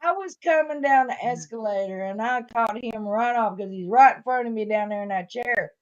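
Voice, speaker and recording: High-voiced woman telling a story. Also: moderate pace, a crowd in the background. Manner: chatty storytelling, laughing. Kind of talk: casual chat. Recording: muffled lo-fi stream audio.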